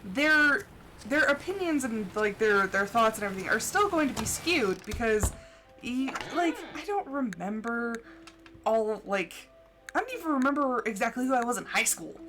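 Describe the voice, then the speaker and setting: A woman's voice: on the high side, expressive, moderate pace, poor audio. Chatty young woman streamer over music. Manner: chatty, laughs often, acts out her own thoughts. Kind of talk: casual chat while gaming. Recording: game music playing behind. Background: background music.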